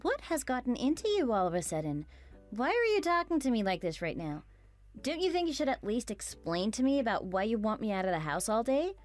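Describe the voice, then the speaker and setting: A woman plays a puzzled young roommate who stays calm and reasonable while asking questions. Her slightly high voice has a lively pitch. She is a character in a storybook text-message drama. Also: a little fast, soft background music.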